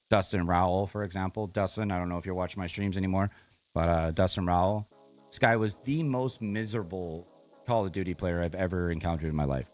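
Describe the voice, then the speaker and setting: Deep-voiced rambling male streamer. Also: no echo. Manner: rambling, earnest, swears often. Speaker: game streamer. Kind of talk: casual live-stream chat.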